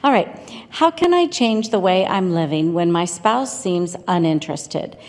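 A woman's voice: fairly low pitch, animated, a little slow, a little mellow, long reverb tail. A woman reading listener questions to a pastor and answering with amens. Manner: reads questions, answers amen.

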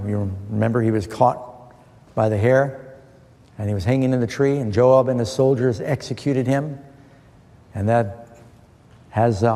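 Heard with the long reverb of a large hall, a middle-aged preacher leads a Bible study sermon, asking questions and answering them from scripture with earnest emphasis. His voice is mellow and medium in pitch.

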